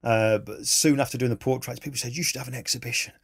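A man, a photographer telling animated, enthusiastic stories in a casual interview. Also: medium pitch, fast talker, gravelly, breathy edge. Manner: animated, enthusiastic, laughs mid-story.

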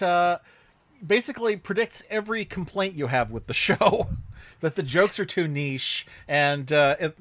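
A man co-hosting a podcast, explaining things in an animated, casual way. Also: high voice, dry recording. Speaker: podcast co-host. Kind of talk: casual discussion.

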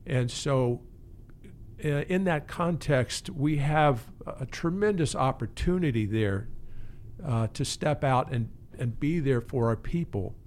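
A man's voice: mid-range voice, lively intonation, measured pace, a little mellow, slight background noise. A man who is a pastor and teaches pastoral care, speaking earnestly and reflectively in an interview, often restarting his phrases. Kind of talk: conversational interview.

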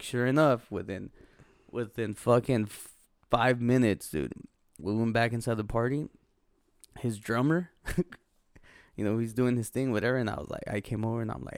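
A young man telling a profane, animated story in casual podcast chat, often laughing as he talks. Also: medium pitch, moderate pace, smooth, no room sound, clean studio sound. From Los Angeles. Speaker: podcast co-host.

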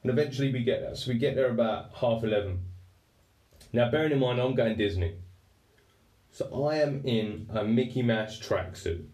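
A man's voice: mid-range voice, moderate pace, a little mellow. A man with an English accent telling a personal story candidly, swearing freely and speaking with raw emotion. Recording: roomy echo, distant from mic.

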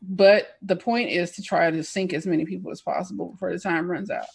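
A young woman chats casually as a podcast co-host, her voice low and gravelly. She talks in animated quick bursts and laughs often. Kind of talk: casual chat.

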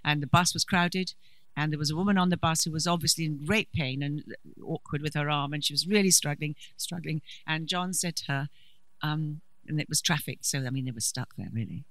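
A middle-aged woman giving a preaching talk at a conference, a lively storyteller with dry humour. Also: low voice, brisk, dry recording, low-quality recording. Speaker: conference speaker.

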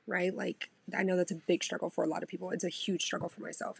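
A woman's voice: on the low side, steady tone, fast, creaky, few pauses, slightly rough, no echo. A woman hosting a faith podcast, talking casually and earnestly about prayer. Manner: earnest and heartfelt. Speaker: podcast host. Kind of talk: casual devotional talk.

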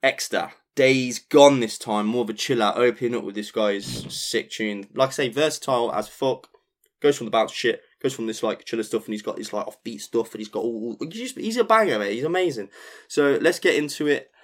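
A man's voice: mid-range voice, a little fast. A man from England hosting a music podcast, chatting loosely with lots of fillers and swearing. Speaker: DJ and podcast host. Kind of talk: casual chat.

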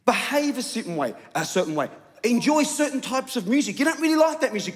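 A man, a pastor, preaching a sermon in a church with humorous, self-mocking storytelling. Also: high voice. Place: church auditorium. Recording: long hall reverb.

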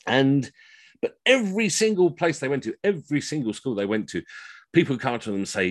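A man's voice: medium pitch, animated, fairly quick, no echo. A middle-aged man and costumed history entertainer, telling rambling, self-mocking comic stories over a video call from home.

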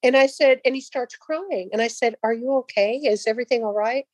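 A middle-aged woman telling a personal faith story in a casual way, acting out the people in it with lively voices. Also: fairly high pitch, brisk, dry recording. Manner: animated, acts out dialogue in voices.

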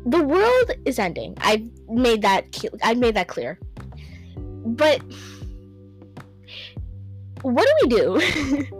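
A woman's voice: fairly high pitch, big pitch swings, unhurried, long pauses, faint music behind. A young woman hosting a casual solo podcast, rambling, stumbling over hard words and laughing at herself, on a home microphone. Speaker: podcast host.

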